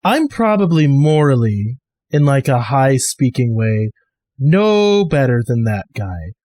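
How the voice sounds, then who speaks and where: A man's voice: medium pitch, very animated, mellow, no echo, pitched below the performer's own voice. A man playing a grim, hardened woman survivor. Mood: somber. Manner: blunt, grim and measured.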